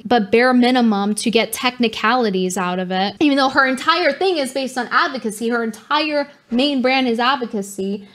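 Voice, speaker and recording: Young woman streamer, high voice, sarcastic and mocking, livestream commentary.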